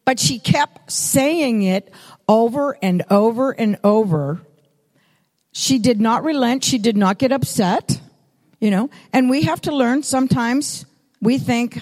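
A woman's voice: a little high, lively intonation, unhurried, a little mellow. An older woman preaching a sermon, telling stories with repeated, emphatic phrases. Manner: storytelling, repetitive emphatic phrasing. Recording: long reverb of a hall.

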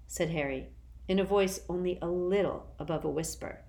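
A woman narrating an audiobook in a measured, even storytelling voice. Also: fairly low pitch.

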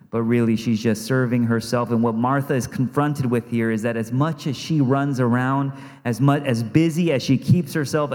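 Brief: male pastor, mid-pitched voice, earnest sermon delivery with repeated phrases, long church reverb. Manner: earnest, repeats phrases for emphasis, drops softly for quoted words. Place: church sanctuary.

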